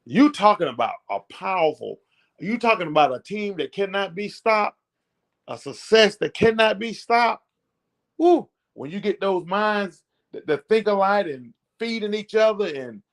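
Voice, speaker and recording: A man's voice: high-pitched, expressive, moderate pace. A middle-aged man giving a motivational talk to his channel's viewers, preachy and repetitive, getting fired up as he encourages them. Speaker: network marketing channel host.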